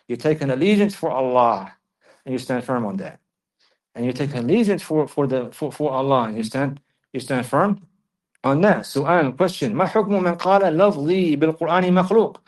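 Man teaching slowly, repeating points. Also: a little high. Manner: reads Arabic passages quickly, then translates and explains slowly with repetition; checks on listeners with questions. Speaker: religious teacher. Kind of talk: classroom lecture explaining a text.

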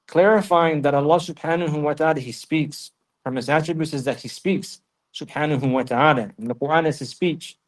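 Fast-talking man teaching a religious lesson. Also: medium pitch, a little mellow. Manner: recites Arabic verses quickly, then explains in English; repeats phrases for emphasis. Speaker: Islamic teacher. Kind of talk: religious lesson explaining a text.

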